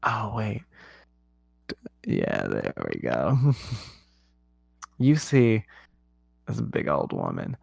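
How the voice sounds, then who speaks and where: A laid-back man running a tabletop game, playful and casual. He talks slowly at a middle pitch. His mic sounds close and dry. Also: wildly swooping pitch, vocal fry, a little mellow, dry recording. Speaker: game master.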